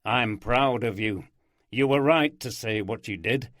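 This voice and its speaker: A man's voice: mid-range voice, a little slow, fairly bright tone, dry recording, studio quality. A man voicing a blunt, plain-spoken middle-aged Yorkshire detective.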